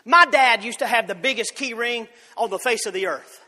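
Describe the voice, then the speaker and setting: A preacher delivers a fervent sermon in a very high, bright, forceful voice. He repeats words and restarts his phrases as he presses on. His voice rings out with a long reverb in a church sanctuary. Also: normal speed.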